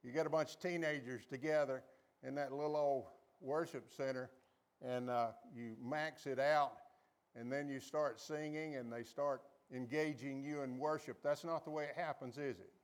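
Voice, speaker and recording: With a steady tone and moderate pace, a pastor delivers his sermon, having the congregation say words back to him. When he voices quoted speakers, his pitch jumps suddenly high.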